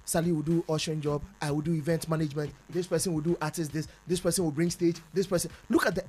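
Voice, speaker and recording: Guy on radio panel, high voice, earnest, keeps repeating his point. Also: level tone, fast talker, a little mellow, slightly rough. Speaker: panel guest.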